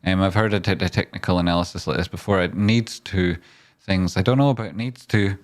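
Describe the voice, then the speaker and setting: Jokey rambling man, low voice. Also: fairly even intonation, brisk. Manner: jokey and rambling, jumping to high pleading whines. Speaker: trading livestream host. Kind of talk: casual livestream chat.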